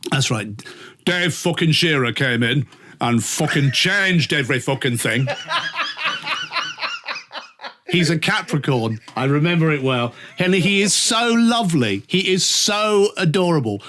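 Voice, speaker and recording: A man chatting casually in an interview, animated and swearing for emphasis. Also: fairly high pitch, moderate pace, slight background noise. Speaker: radio presenter guest.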